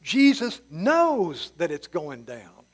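Man, high voice, folksy Bible teacher, plain paraphrase, casual asides. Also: wildly swooping pitch, slow pace. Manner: restarts and fillers, chuckles at times.

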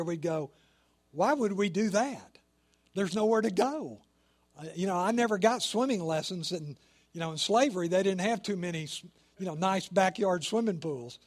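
A man preaching a sermon, reading scripture aloud and explaining it with joking stories and asides. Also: high-pitched. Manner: animated storytelling with joking asides and laughs; reads scripture aloud, then explains it in plain talk. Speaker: pastor.

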